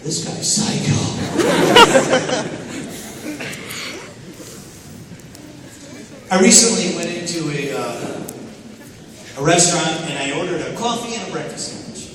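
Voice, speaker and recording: A man telling animated stories to a school audience, acting out voices and shouting now and then. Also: fairly high pitch, brisk, heavy background noise. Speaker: school assembly speaker. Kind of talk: motivational storytelling to students. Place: school auditorium. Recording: echoey hall, recorded from far off.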